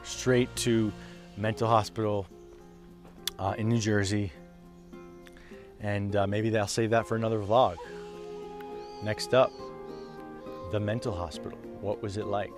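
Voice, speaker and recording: Young male vlogger, lowish voice, blunt and emotional, hushed-to-loud storytelling, soft music underneath. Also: level tone, a little slow, long pauses. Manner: raw, emotional, swearing, dips to hushed then rises loud. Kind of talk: casual storytelling to camera.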